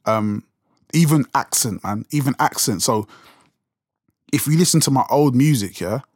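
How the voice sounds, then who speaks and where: A man's voice: mid-range voice, moderate pace, a little mellow, slightly rough, dry recording. Young london guy just chatting, lots of restarts, dead dry room. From England. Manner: conversational, rambling with many restarts and fillers. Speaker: podcast host and rapper. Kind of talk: casual solo talk.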